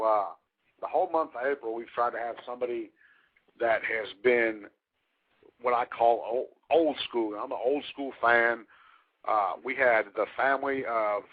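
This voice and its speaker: Male radio co-host, mid pitch, chatty and jokey, phone-like tinny audio. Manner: chatty, joking, fan-like enthusiasm. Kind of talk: radio interview.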